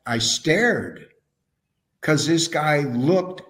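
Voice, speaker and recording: A man with a fairly high voice speaks slowly and enthusiastically. He tells stories casually as an interview guest. He often restarts his sentences. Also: expressive, a bit bright. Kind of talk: casual conversational storytelling.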